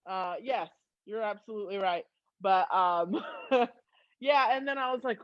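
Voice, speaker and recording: A woman in her thirties, a guest on a podcast, telling a story with lots of laughter and high excited squeals. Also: unhurried, no echo, dull audio. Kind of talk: casual storytelling.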